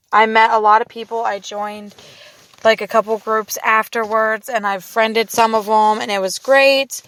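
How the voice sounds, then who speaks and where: A woman recounts her festival weekend in a loose, rambling way, swearing casually and breaking off mid-thought. Her voice sits a bit on the high side. The sound is dry and close, with no room echo. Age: young adult or middle-aged, mother of two daughters. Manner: chatty and rambling, swears freely, trails off and restarts. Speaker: vlogger recounting a festival trip. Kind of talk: casual storytelling monologue.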